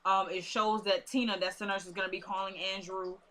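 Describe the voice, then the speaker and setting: Woman vlogger with bright casual chatter. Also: medium pitch, a little fast. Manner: lively, informal, repeats herself for emphasis. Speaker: vlogger recapping a TV episode.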